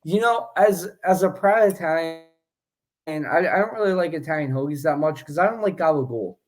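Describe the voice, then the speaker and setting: A man's voice: fairly high pitch, normal speed. A man co-hosting a casual sports podcast, chatty and joking, with many fillers and restarts. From Philadelphia area. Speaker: podcast co-host.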